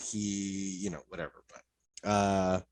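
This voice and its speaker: A man chatting on a podcast, relaxed and meandering as he thinks out loud. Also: low voice, takes it slowly, no echo. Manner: relaxed, meandering, hedging with fillers. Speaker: podcast co-host. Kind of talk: casual chat.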